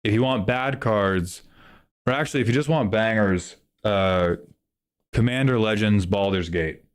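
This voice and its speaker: A man streaming live in casual chat, joking loosely with some swearing and excitable bursts. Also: lowish voice, a little slow, clear, resonant tone.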